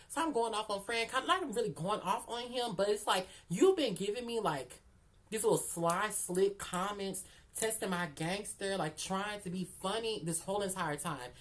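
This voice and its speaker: A storyteller vlogger with a medium-pitched voice tells a candid, profane story in casual vlog chat. She repeats phrases for emphasis and calls the listener "girl."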